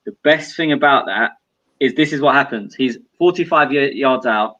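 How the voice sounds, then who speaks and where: A man's voice: medium pitch, moderate pace, a bit bright, highs cut off. A man co-hosting a casual podcast, telling stories animatedly and swearing freely. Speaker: podcast co-host. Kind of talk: casual chat, storytelling.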